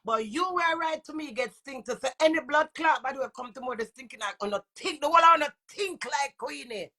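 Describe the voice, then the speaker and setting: A woman's voice: sits high, brisk, bright, forceful tone. A woman with a Jamaican accent and a runny nose, ranting in heated, profane patois. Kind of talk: angry rant to camera.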